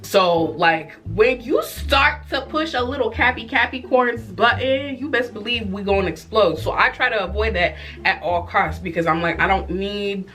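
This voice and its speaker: A woman telling a personal story in a casual vlog, expressive and animated, with frequent cussing and asides to the audience. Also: mid-range voice, normal speed, few pauses, soft background music. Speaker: vlogger.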